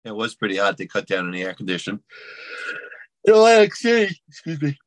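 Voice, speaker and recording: A plainspoken man talking as a guest, with a somewhat low voice. The recording is dry and close, with no room sound. He answers in a matter-of-fact way. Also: wildly swooping pitch, fast talker, no room sound. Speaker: guest, card dealer. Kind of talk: casual interview chat.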